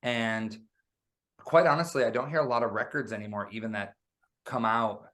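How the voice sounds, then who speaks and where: A man talking about making a record in a relaxed, animated interview. He tells stories with plenty of energy and keeps dropping "man" into his sentences. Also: medium pitch, normal speed. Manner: animated storyteller, says "man" often. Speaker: guest musician. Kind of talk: casual interview chat.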